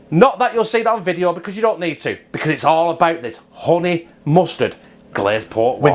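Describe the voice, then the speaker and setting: A home cook talking through his recipe in a loose, rambling way, with plenty of swearing. His voice sits a touch high for a man and swings up and down a lot. He sounds relaxed and unscripted. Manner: chatty, rambling, swears freely. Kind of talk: casual cooking vlog.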